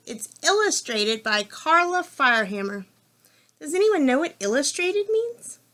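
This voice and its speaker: High, lively preschool teacher reading aloud. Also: female voice, a little hiss or hum. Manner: sing-song, asks children questions and makes animal sounds. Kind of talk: reading a picture book aloud to young children.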